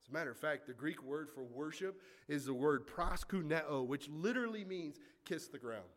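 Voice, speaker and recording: A man with a high voice preaches a sermon with lively, animated delivery. He reads scripture aloud and then breaks into casual asides. His volume swings from forceful emphasis down to quiet, hushed remarks. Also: normal speed. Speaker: pastor.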